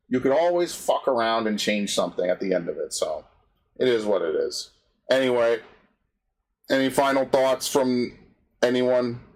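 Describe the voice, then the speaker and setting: A man's voice: medium pitch, low-quality recording. A young man hosting a casual game stream with a mid-range voice. He rants freely and crudely, swearing often. His banter is loose and unpolished. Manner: crude, profane, ranting banter. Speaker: streamer host.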